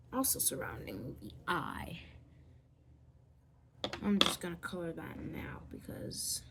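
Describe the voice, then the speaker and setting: A woman chatting casually through a drawing tutorial, rambling, playful and often dropping to a whisper as she draws. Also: creaky. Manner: playful, makes silly squeaky noises. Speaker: vlogger drawing on camera.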